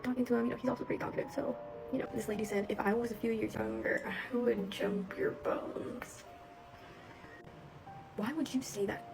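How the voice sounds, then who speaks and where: A woman's voice: a little high, gravelly, background noise. A teenage girl working as a cashier, telling a chatty storytime full of fillers and bemused asides. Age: teens. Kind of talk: casual storytime. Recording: music playing behind the voice.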